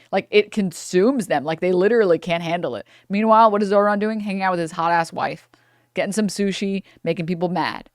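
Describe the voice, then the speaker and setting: A woman's voice: on the low side, brisk, no room sound, clean studio sound. A woman streamer giving live reaction commentary in a heated, profane rant.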